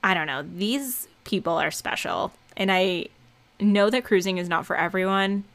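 Woman, podcast co-host, casual chat, animated, laughs a lot. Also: mid-range voice, normal speed. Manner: animated, laughs often, acts out voices in stories.

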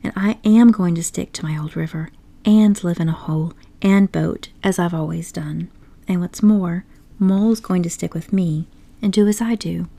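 A woman's voice: fairly low pitch, normal speed, dark tone, close to an everyday voice. A woman voicing a stubborn, dry-mannered male water rat in an audiobook story. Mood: dogged. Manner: dry, dogged.

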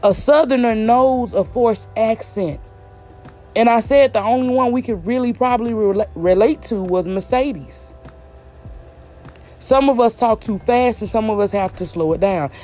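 A woman from the American South speaks straight to her viewers in an emphatic, exasperated vlog rant. She slows her speech down on purpose and puts weight on each word so it lands clearly. Faint music sits under her voice. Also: fairly high pitch, mellow. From Southern United States. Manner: deliberately slow, clear delivery. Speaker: vlogger. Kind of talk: direct-to-camera commentary rant.

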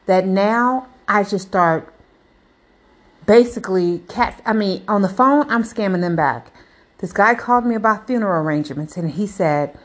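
A woman podcast host telling a story in a casual, animated and sassy way. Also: mid-range voice.

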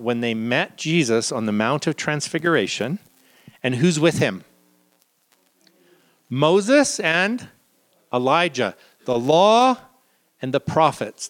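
A man giving a live Bible teaching to a group in a room, lively and acting out the people he quotes. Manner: lively, acts out quoted figures with sudden pitch jumps.

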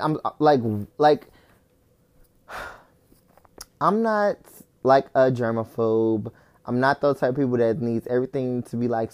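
A young adult podcast host ranting in casual talk, exasperated, swearing often and leaning on "like", with loud incredulous outbursts. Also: mid-range voice. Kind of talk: casual solo rant.

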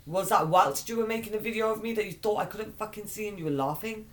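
A woman's voice: medium pitch, fast, slight background noise. A woman co-hosting a podcast, dramatic in casual chat, swearing and shrieking. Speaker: podcast co-host.

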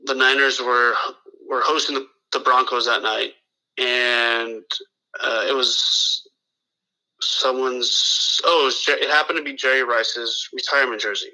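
A man with a very bright, sharp voice tells a long, rambling story in casual chat. He swears freely, restarts his sentences and acts out the lines of the people in it. The sound is that of a talk radio show. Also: mid-range voice, steady tone, unhurried, low-quality recording. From Los Angeles area. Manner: rambling, profane, full of restarts and quoted dialogue. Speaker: guest telling a story.

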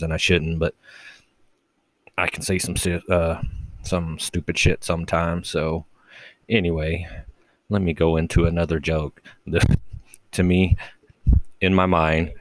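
A man hosting a casual late-night solo podcast from his bedroom, talking low and quietly, rambling and crude and mocking himself. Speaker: podcast host. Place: bedroom at home with the door shut.

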